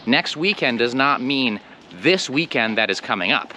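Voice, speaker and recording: A man's voice: mid-range voice, expressive, bright, forceful tone. American man teaching, street noise behind. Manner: slows down to model example phrases. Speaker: English teacher. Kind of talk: casual spoken lesson. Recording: clear street and traffic noise.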